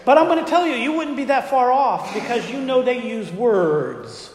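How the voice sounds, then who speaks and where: A man's voice: extremely high pitch, animated, normal speed. A man preaching a sermon to his congregation in a conversational way, asking them frequent rhetorical questions. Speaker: pastor. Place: church sanctuary. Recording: echoey church hall with long reverb.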